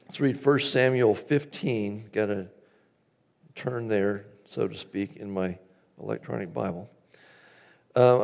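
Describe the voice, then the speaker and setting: A male pastor preaching a sermon, animated, acting out the scripture he reads and dropping to quiet asides. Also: on the low side. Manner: animated, swings between loud emphasis and quiet asides; acts out quoted lines from scripture.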